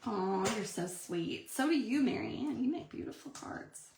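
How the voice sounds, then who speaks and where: A woman's voice: fairly high pitch, expressive, a little slow, creaky, a little mellow, slight background noise. A woman, chatting through a live card-making demonstration and answering viewer comments. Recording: echoey room.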